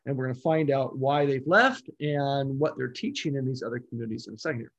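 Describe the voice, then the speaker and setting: A man's voice: mid-range voice, fast, a bit bright, low-quality recording. A man teaching a Bible study lecture, explaining in a conversational, unscripted way with restarts and asides.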